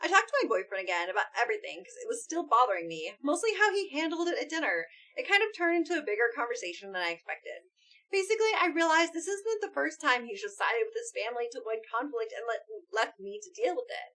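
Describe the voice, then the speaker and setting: A woman's voice: on the high side, quick pace. A woman co-hosting a live stream, chatting casually, reading a story update aloud and acting out quoted lines. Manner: animated, acts out quoted lines, calls herself snappy. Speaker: streamer co-host. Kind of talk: casual chat reacting to and reading stories.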